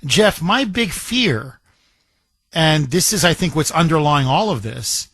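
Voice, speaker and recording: A male talk radio host who hammers his points home with repetition and rising force. His voice sits a bit high. The studio sound is dry and close. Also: lively intonation, a little slow, a bit bright, slightly rough, dry recording. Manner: emphatic, repetitive, combative.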